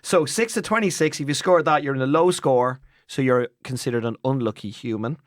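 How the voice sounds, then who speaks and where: An Irish man co-hosting a podcast in casual chat, animated and jokey, rambling with restarts. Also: mid-range voice, fairly quick, dry recording, clean studio sound. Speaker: podcast co-host.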